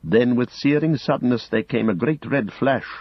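A man narrating an audiobook in a measured, grave storytelling manner, close to the mic. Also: medium pitch, expressive, husky, dry recording. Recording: dull lo-fi audiobook recording.

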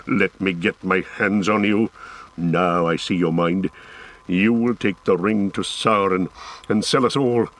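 A man's voice: medium pitch, a little slow. A man reading an audiobook, voicing a proud, desperate adult male warrior who pleads and rages with passion. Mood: furious. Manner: impassioned, pleading then raging. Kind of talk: audiobook character voice.

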